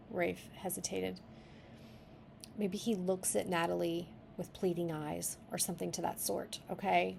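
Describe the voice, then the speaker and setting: A woman's voice: lowish voice, flat delivery, a little slow, gravelly, a little mellow, a little hiss or hum. A woman reading a story draft aloud and stopping to suggest edits, thinking aloud as she goes. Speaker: writing critic reading a manuscript. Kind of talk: reading aloud with editing feedback.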